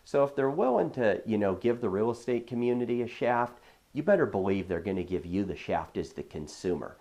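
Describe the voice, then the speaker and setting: A man's voice: lowish voice, a little mellow. A man who works as a real estate agent, giving casual advice and telling stories from his deals in a conversational way, acting out the dialogue. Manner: conversational, acts out quoted dialogue, frequent fillers. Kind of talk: casual advice talk with anecdotes.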